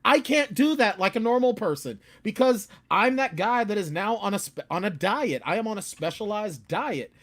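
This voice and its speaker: A man's voice: moderate pace, hardly any pauses. A man who is a guest author, chatting casually on a video call and acting out his own outbursts. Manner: animated, acts out his own outbursts in a louder, higher voice. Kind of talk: casual chat.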